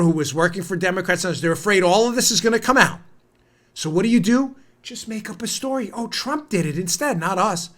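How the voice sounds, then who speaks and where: A man's voice: high-pitched, fairly bright tone. A man hosting a podcast, delivering heated, sarcastic political commentary straight to his listeners. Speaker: podcast host.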